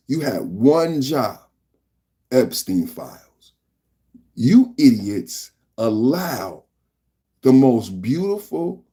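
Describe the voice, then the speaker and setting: A man hosting a live political podcast, talking in a mocking, animated way that repeats his points over and over. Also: mid-range voice. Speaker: podcast host. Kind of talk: live-stream political commentary.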